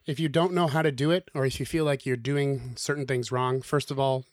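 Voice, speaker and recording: Male co-host, mid pitch, exhortative and warm-humored, close dry mic. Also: steady tone, brisk, no echo. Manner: encouraging, exhortative, lightly joking. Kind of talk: casual podcast conversation.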